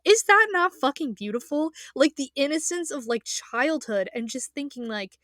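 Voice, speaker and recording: A woman's voice: sits high, animated, moderate pace, few pauses, a bit bright, no echo, studio quality. A young woman in a casual, emotional rant as an anime fan, passionate and rambling, swearing freely and trailing off into fillers.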